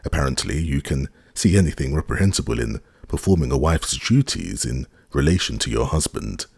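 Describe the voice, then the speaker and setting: A man's voice: a bass voice, lively intonation, a little fast, gravelly, darkish tone, slightly rough, no room sound, studio quality, full character voice. A man voicing a cold, sarcastic middle-aged husband in an audiobook, stiff and contemptuous. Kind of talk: audiobook character reading.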